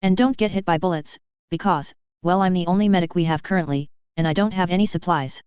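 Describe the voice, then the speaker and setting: A woman's voice: fairly low pitch, quick pace, a little mellow, smooth, no echo, lightly acted. A woman reading the part of a brash, slangy, swearing male British army sergeant. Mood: cocky. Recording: dry, slightly dull home recording.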